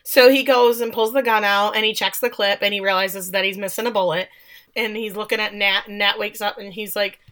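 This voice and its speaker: A woman casually recapping a TV episode on a podcast, animated, acting out the characters' lines. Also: medium pitch, brisk. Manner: animated retelling with acted-out quotes and laughs. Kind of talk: casual chat.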